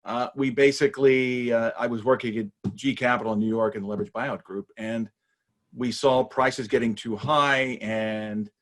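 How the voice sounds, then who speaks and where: A man in his fifties with an American accent, answering interview questions in a relaxed, measured way. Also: mid-range voice. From United States. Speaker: guest, company founder.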